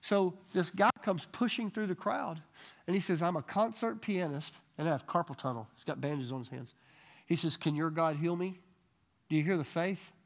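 A man with a somewhat high voice teaches a church Bible study group. He tells healing stories with animated energy and slips into quick quoted voices. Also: creaky.

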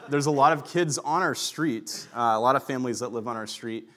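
A male pastor delivering a sermon in a relaxed, conversational style. He tells stories casually, with lots of "like" and filler words. His voice sits at an ordinary middle pitch. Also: a little fast. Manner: chatty storyteller, heavy use of "like". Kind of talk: sermon with personal storytelling.

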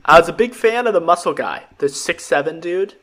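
A man's voice: a little high, expressive, a little fast, fairly bright tone. A young man hosting a casual chat, giving blunt, profane, jokingly harsh opinions. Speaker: podcast host.

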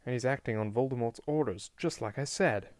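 A man's voice: medium pitch, fairly quick, a little mellow, lightly acted. A man reading aloud and voicing a stubborn, suspicious teenage wizard who talks in an insistent, exasperated way. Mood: arguing.

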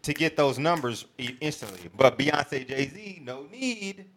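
A man's voice: fairly high pitch, expressive, a little slow, a bit bright. A man co-hosting a podcast in casual chat, with laid-back, slangy banter. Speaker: podcast co-host.

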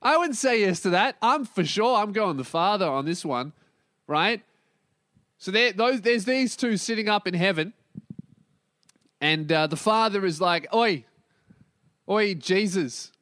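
A young man hosting his own podcast, ranting and yelling in a profane, rambling comedic monologue that jumps between topics. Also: sits high, animated, measured pace, pauses often, no echo, studio quality. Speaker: podcast host. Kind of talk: solo comedic podcast rant.

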